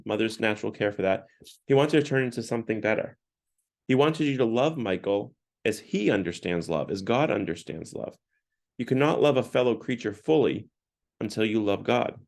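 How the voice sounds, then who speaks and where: A man's voice: mid-range voice, creaky, darkish tone. A man leading a parish Lent book talk, retelling scenes in a conversational way with frequent restarts. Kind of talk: casual retelling and teaching talk.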